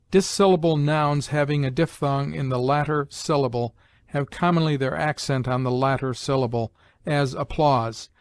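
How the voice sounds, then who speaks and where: A man's voice: mid-range voice, no room sound. Man reading out English stress rules. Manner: measured, list-like reading with slow example words. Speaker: English lesson narrator.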